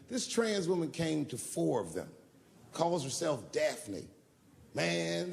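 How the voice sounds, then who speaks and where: A man's voice: on the high side, vocal fry. A man doing stand-up on stage, telling long profane stories and answering audience questions in a loose conversational way. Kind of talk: stand-up storytelling and Q&A. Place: live comedy venue on stage.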